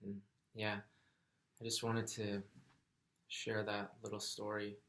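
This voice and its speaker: A man telling a personal story in a soft-spoken, earnest, reflective way. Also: lowish voice, completely flat delivery, slow pace. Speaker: vlogger.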